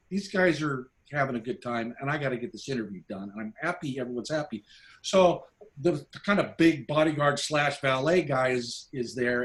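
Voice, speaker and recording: A man, a documentary filmmaker, casually telling behind-the-scenes stories to a class, animated and full of restarts. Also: medium pitch. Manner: animated anecdotes, acts out quoted voices, frequent restarts. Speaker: documentary filmmaker, guest speaker.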